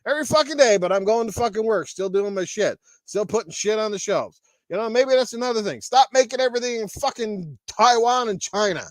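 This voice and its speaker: Male podcast host, angry profane rant, high pitch, dry close sound. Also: expressive, fairly quick, hardly any pauses, no room sound. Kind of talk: ranting gaming podcast.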